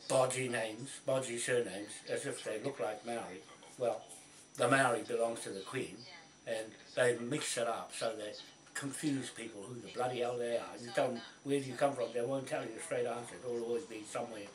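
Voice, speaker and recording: An older man, delivering an angry, rambling, swearing rant about land and courts. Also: mid-range voice. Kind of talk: angry monologue. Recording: roomy, distant mic.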